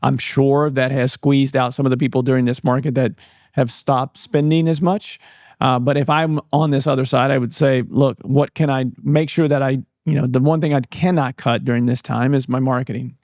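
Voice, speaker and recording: A man hosting a podcast interview, summarizing points in a measured way with filler pauses. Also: mid-range voice, steady tone, a little mellow, no room sound, clean studio sound. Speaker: podcast host.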